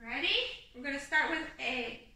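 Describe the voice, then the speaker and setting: A woman teaching an online kindergarten class, slow and patient, talking to young children and singing simple teaching songs. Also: sits high, pushed and bright, very echoey, recorded from a distance, slight background noise, low-quality recording.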